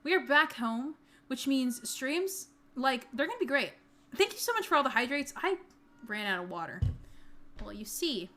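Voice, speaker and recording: A woman streamer chatting casually and excitedly with her chat, speaking into a desk mic set back from her mouth. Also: sits high, normal speed, faint music behind. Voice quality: bubbly, chatty, talks to chat. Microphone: desk mic, not close to mouth.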